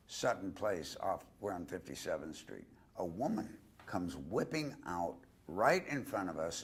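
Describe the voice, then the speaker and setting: Older male guest, deep gravelly husky voice, animated storyteller acting out quotes. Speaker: interview guest. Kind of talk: anecdotal storytelling.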